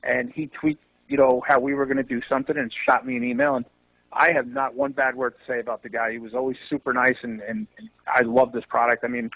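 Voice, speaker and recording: A man's voice: mid-range voice, fast, vocal fry, dry recording, lo-fi sound. A man who is a wrestling promoter, telling stories in a casual podcast chat and swearing freely. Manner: animated storyteller, swears freely.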